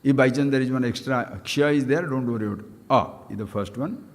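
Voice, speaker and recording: A man giving a spiritual discourse, playful and animated, chanting syllables with big leaps in pitch. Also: fast talker. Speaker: spiritual teacher. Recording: long hall reverb.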